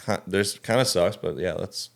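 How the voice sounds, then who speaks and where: Man, very low voice, guest on a casual podcast, earnest, restarts his sentences a lot. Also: moderate pace, vocal fry. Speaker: tour photographer and videographer.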